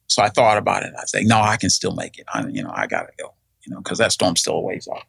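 Rambling gravelly middle-aged man. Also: low-pitched, big pitch swings, fast, a bit bright, dry recording. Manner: rambling, many fillers and restarts, acts out quoted voices. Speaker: guest telling his story. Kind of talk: casual storytelling.

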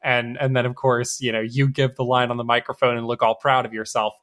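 Male podcast co-host, bright forceful voice, wry and sardonic, casual chat. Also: medium pitch, flat delivery, a little fast.

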